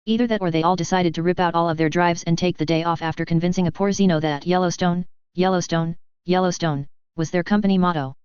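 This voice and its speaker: A woman's voice: lowish voice, fairly even intonation, fast talker, few pauses, a little mellow, clean tone, dry recording, natural voice. Woman voicing a grumbling male inspector general. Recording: slightly dull audio.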